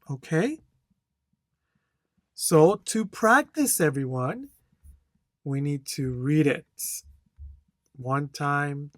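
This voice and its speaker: A language test instructor giving a speaking tutorial, talking slowly and deliberately, checking in with "okay?" after each point and reading a model answer with careful intonation. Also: medium pitch, no echo.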